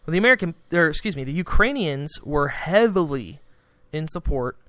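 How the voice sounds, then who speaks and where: A man hosts a podcast, talking loosely through political commentary and stopping often to restart his thoughts. His voice sits a little high and sounds smooth and clean. The recording is dry and close, with no room sound around him. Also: lively intonation, moderate pace, fairly bright tone, no echo. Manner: rambling, restarts, acts out quoted exchanges. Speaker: podcast host.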